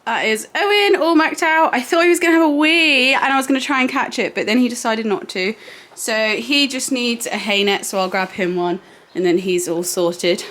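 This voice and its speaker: A young woman films her day at an outdoor stable yard she runs, chatting to the camera in casual vlog style and fondly talking to her horses. Her voice is a little high and a bit bright at a moderate pace, captured on the camera mic rather than a clip-on.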